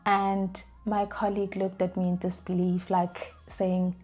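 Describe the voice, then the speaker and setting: A young adult woman vlogging in a casual storytelling way, chatty and animated, with plenty of fillers and restarts as she acts out the phrases she quotes. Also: lowish voice, a little slow.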